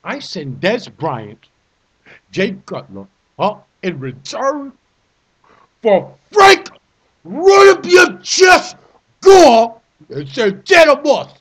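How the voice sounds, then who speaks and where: A man delivering an animated comic rant, theatrical and repetitive, breaking into shouts. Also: very high voice, extremely slow, pauses often. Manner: theatrical, repeats phrases, shouts in bursts. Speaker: vlogger ranting about a fantasy football trade.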